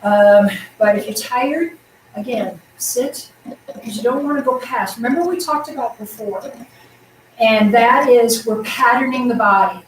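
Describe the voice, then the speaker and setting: A woman teaching a tai chi class, encouraging and counting out the moves, projecting her voice loudly. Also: a little high, measured pace, a little hiss or hum. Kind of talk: guiding an exercise class. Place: exercise room indoors. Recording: echoey room, voice from a distance.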